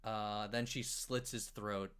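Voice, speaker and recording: Male podcast co-host, low-ish voice, loose and profane plot recapper, faint background noise. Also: slow. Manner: animated plot recap with swearing and acted-out quotes. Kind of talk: casual movie review chat.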